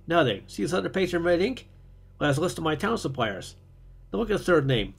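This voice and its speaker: A man voicing a gruff, loud market goose salesman who blusters and scoffs, in a storybook reading. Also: a little high, big pitch swings, fairly quick, voice pushed up, exaggerated voice. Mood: scornful. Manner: blustering, scornful.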